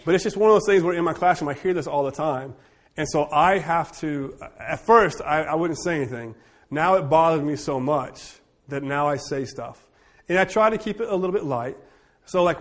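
Animated storytelling man, slightly high voice. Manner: animated, jokey storyteller with quick asides. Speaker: teacher leading a church group discussion. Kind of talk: casual group discussion with storytelling.

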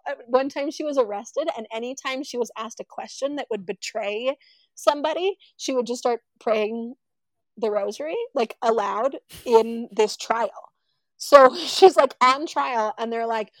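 A woman's voice: fairly high pitch, moderate pace, no room sound, poor audio. A woman telling a story casually, acting out the people she quotes. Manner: animated, acts out quoted voices.

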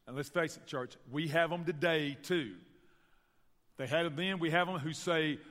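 A man with a Southern US accent from Tennessee, preaching a sermon and telling stories to his church in an animated way. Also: on the high side, normal speed, big-room sound. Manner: storytelling, animated, addresses the church directly. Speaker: pastor. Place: church sanctuary.

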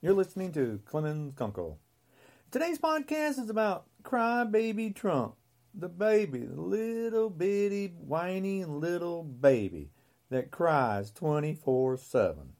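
A woman's voice: on the low side, sing-song, measured pace, darkish tone. A woman in her sixties hosting her own podcast, ranting in a mocking, scornful way. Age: 60s. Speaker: podcast host. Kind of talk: ranting solo podcast monologue.

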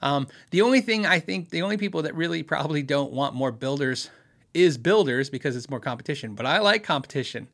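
A man with a fairly high, bright and forceful voice hosts a casual live Q&A. He rambles in an easygoing way, with plenty of fillers, restarts and short laughs. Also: animated, brisk. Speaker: livestream host answering viewer questions on guitars.

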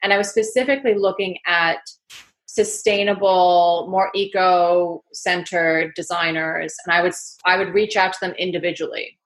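A woman with a New York accent, chatty and energetic, telling her story as an interview guest in a rambling, casual way. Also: on the low side, moderate pace.

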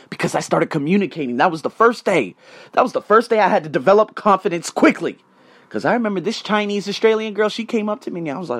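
A man hosting his own podcast, telling personal stories in a casual motivational monologue, swinging between loud emphasis and quiet asides. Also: sits high, expressive, fast talker. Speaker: podcast host.

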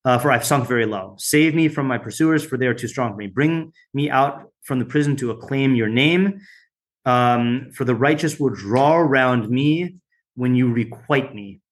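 A man's voice: medium pitch, normal speed. Casual man leading a Bible study. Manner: reads translations, stops often with fillers and asides. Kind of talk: informal text study, reading aloud.

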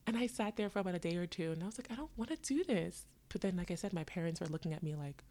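A woman in her twenties telling her own story to her viewers, dramatic and animated, laughing often and acting out the people in it. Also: lowish voice. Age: 20s. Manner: voices herself and others in quick asides. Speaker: vlogger. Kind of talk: storytelling to camera.

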